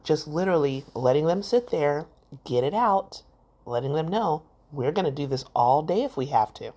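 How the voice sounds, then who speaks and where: A woman's voice: low voice, expressive, normal speed, dark tone. A middle-aged woman hosting a solo podcast, telling a parenting story and acting out the voices she quotes. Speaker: podcast host.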